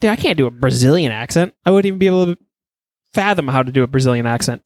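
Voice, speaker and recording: A man's voice: medium pitch, animated, rapid-fire, no echo. A man on a casual gaming podcast, talking in an enthusiastic, rambling, profane way. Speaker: podcast co-host.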